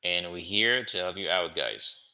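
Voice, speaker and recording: A man teaching a language lesson, drilling phrases slowly with many "okay?" check-ins. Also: sits low, lively intonation, pushed and bright. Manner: slow, repetitive drilling with frequent "okay?" checks. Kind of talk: classroom-style language lesson.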